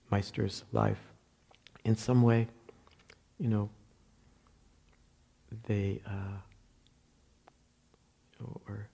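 A man with a New Jersey accent gives a dharma talk in a low, dark and gravelly voice. He speaks very slowly and thoughtfully, often pausing, restarting and searching for words. His tone is soft-edged and husky throughout. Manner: halting, reflective, many fillers and restarts. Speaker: Zen meditation teacher.

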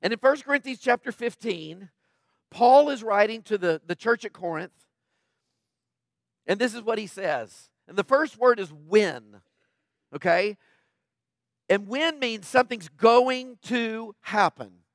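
A man's voice: high-pitched, animated, measured pace, pauses often, no echo. A man preaching a sermon in a conversational way, often checking in with the congregation with asides. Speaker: pastor.

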